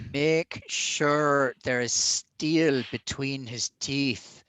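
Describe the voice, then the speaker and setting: A man voicing a formal, calm male ghost in a tabletop game, speaking slowly. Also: mid-range voice, clear, resonant tone, no echo. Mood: solemn. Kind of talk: tabletop role-play voice.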